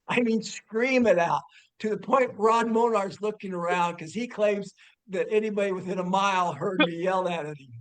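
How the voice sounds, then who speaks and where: A man telling a personal story among family and friends, animated and laughing, with stumbling restarts and bursts of shouting. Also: sits high, normal speed. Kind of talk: casual storytelling.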